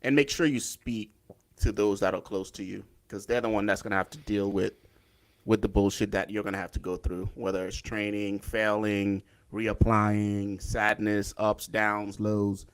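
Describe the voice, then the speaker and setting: A man's voice: fairly low pitch, monotone, moderate pace, clean tone. A man co-hosting a live stream, giving earnest, encouraging advice.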